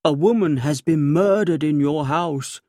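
A man's voice: on the high side, measured pace, dark tone, dry recording, clean studio sound, pitched above the performer's own voice, lightly acted. A man voicing a grave, dutiful secretary. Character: earnest, upright male secretary, grave and dutiful.

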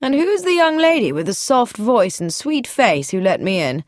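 A woman doing a calm, wry charming man. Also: a little high, no echo, studio quality, pitched above the performer's own voice. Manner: slow, quiet, teasing.

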